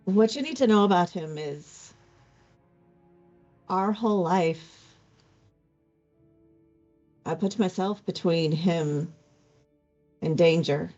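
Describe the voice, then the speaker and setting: A woman's voice: on the low side, takes it slowly, long pauses, a little mellow. A woman voicing a blunt but caring young woman who braids a friend's hair, speaking brusquely with a tender streak. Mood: earnest. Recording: dull lo-fi recording with faint music.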